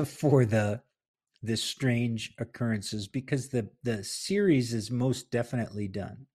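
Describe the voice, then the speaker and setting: A middle-aged man hosting a podcast, his voice low and gravelly with a husky edge. He tells a story in a casual, rambling way, correcting himself as he goes. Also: moderate pace, a little mellow. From New Jersey. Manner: conversational, rambling, with fillers and self-corrections. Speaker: podcast host and author.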